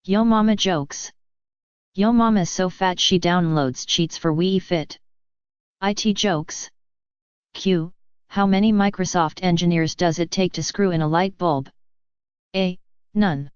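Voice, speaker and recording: A woman reading a series of jokes in a deadpan, measured scripted narration. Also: fairly low pitch, smooth, dry recording, dull audio. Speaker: joke reader.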